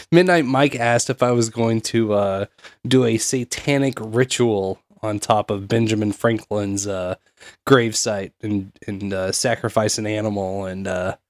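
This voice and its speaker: Slow, laid-back man reading donations. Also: on the low side, no room sound. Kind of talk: casual livestream chat.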